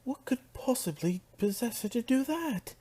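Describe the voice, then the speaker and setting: A man voicing a prim, theatrical unicorn mare who runs a dress shop, gushing and shrill. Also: lively intonation, normal speed, dark tone, slightly rough, heavily acted. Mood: shrill horror.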